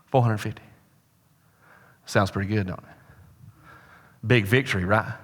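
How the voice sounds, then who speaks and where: Guy pastor preaching, jokey storyteller, goes loud then real quiet, echo of a big church hall. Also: fairly low pitch, normal speed. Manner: storytelling with humor, swings between loud and hushed. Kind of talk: sermon. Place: church sanctuary.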